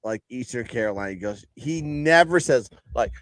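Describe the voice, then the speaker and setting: A man co-hosting a live sports betting stream, joking crudely and breaking into excited outbursts. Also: mid-range voice, moderate pace, no echo. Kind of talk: casual banter on a live stream.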